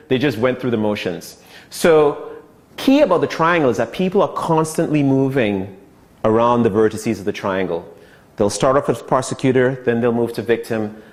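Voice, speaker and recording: A man teaching an online sales course in a casual, conversational way, often checking in with "okay" and acting out short quoted lines. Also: medium pitch. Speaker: sales trainer.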